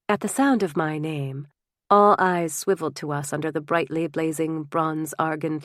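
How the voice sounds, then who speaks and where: A woman narrating a historical novel in first person, measured and expressive. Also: deep voice, no room sound, clean studio sound. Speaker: audiobook narrator.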